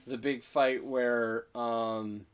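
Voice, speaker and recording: Man, casual movie review chat, excited retelling, acts out lines, medium pitch. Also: clear, resonant tone. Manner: excited retelling, acting out lines with quick voice switches.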